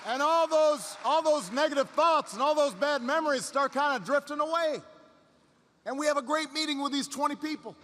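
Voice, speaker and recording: A man's voice: extremely high pitch, normal speed, a bit bright, some chatter behind. A man in his fifties giving a motivational speech as a story, building it with repetition and rising emphasis. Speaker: public speaker. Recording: long hall reverb.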